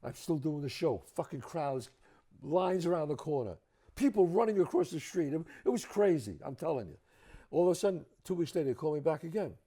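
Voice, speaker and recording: A man with a New York accent telling animated, profane stories as a guest at a home, acting out the other people in them. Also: on the high side, fairly quick, breathy edge. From the Bronx, New York. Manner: emphatic, profane, acts out other people's lines. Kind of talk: animated storytelling.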